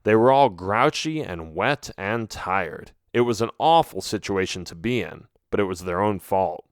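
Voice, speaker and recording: A man narrating a children's audiobook in an expressive, first-person storytelling manner. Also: lowish voice, normal speed, no room sound, studio quality.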